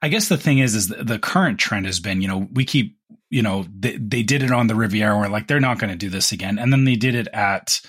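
A man co-hosting a podcast in casual chat, with a deep radio-announcer voice, rambling and restarting his sentences. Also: quick pace, a bit bright, slightly rough. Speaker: podcast co-host.

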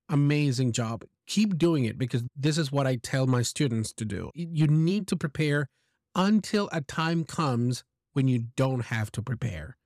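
A man's voice: mid-range voice, darkish tone, no echo, clean studio sound. A man hosting an English lesson, giving encouraging feedback on a listener's message and explaining pronunciation with examples. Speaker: English teacher and podcast host.

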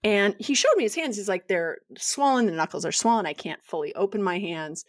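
A woman co-hosting a podcast, telling a story in a casual, animated way and acting out the quotes. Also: mid-range voice, a little fast, dry recording, clean studio sound. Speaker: podcast co-host, yoga teacher.

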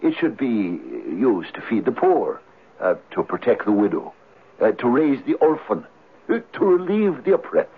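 An earnest cottager, hesitant and full of uh's. His pitch swings wildly up and down, and a husky edge comes through a thin, phone-like old broadcast. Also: wildly swooping pitch, a little slow, heavily acted. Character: poor Irish cottager wishing for riches. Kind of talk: 1970s radio drama acting. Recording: narrow, tinny old radio broadcast.

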